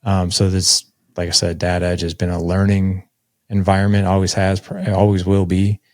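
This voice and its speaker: A man's voice: low-pitched, monotone, moderate pace, no echo, studio quality. A man in his forties telling a personal story as a podcast guest, candid and conversational, with lots of filler words. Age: 40s.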